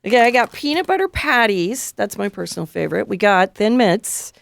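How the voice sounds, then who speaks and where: A woman's voice: medium pitch, expressive, brisk, gravelly. A woman hosting a radio show in a studio, talking in a playful, chatty, upbeat way. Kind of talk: casual on-air interview.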